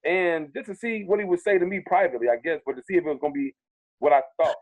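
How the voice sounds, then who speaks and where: A man who is a comedian guest, telling stories in a casual interview, animated and profane, acting out what people said to him. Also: fairly high pitch, fast. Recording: tinny phone-like sound.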